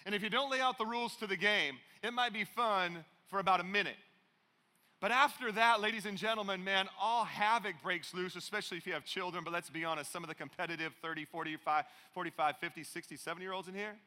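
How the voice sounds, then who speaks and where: A middle-aged male pastor preaches in a big church, his tone very bright and forceful. He sounds higher-pitched than most men and tells animated stories full of playful asides. The sound carries a long hall reverb. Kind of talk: sermon. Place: large church auditorium.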